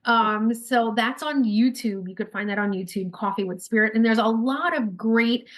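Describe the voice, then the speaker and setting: A woman with a New York accent, a guest in a casual podcast interview, talking quickly and upbeat with frequent laughs. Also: on the high side. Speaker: podcast guest, spirit baby intuitive.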